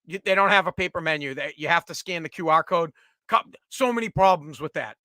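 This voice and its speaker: Middle-aged man, foul-mouthed rant, high sharp voice, dry close sound. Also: fairly quick, dry recording. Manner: profane, animated, ranting. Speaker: podcast host. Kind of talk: casual comedic rant.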